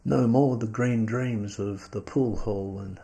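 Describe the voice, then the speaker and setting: A man reading his own first-person short story in a dry, wry, deadpan way. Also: fairly low pitch, slow.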